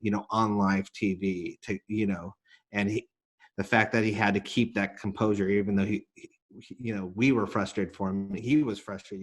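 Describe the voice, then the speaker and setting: Earnest male guest with a lowish voice who talks in halting restarts. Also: husky. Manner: earnest, with frequent restarts and fillers. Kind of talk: casual interview talk.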